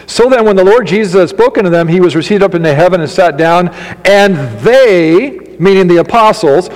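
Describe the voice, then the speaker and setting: Male pastor, high voice, emphatic sermon delivery with direct questions, long reverb in the hall. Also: fairly quick. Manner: emphatic, addresses congregation directly with questions and humor.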